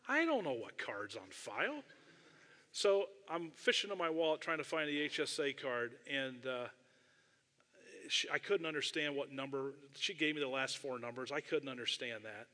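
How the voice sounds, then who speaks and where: Man, middle-aged pastor, sermon, self-deprecating storytelling, conversational asides, bright voice, long hall reverb. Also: fairly high pitch, expressive, normal speed.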